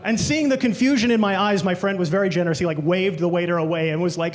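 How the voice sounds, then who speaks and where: High-voiced Australian man doing stand-up. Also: fast talker, hardly any pauses. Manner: dry, self-deprecating storytelling with quoted voices. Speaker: stand-up comedian. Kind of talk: stand-up comedy set. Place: comedy club stage with laughing audience.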